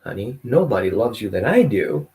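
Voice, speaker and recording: A man acting out a possessive partner, speaking in a soft, pleading tone. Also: lowish voice, sing-song, moderate pace, pitched below the performer's own voice. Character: possessive clingy partner, adult man, jealous.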